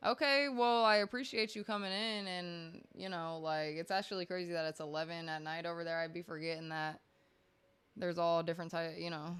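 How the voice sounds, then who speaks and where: A woman's voice: on the low side, steady tone, a little fast, a bit bright. A woman hosting a live game stream, chatting in a laid-back, rambling way. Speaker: streamer host. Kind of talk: casual stream chat.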